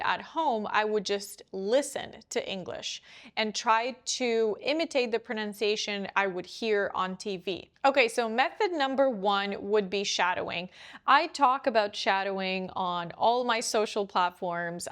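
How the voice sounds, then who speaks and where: A woman's voice: medium pitch, fairly bright tone. A young woman giving a casual pronunciation lesson to camera, chatty and often checking in with the viewer as she explains. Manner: chatty, often checks in with "right?" and "you know". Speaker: English pronunciation coach.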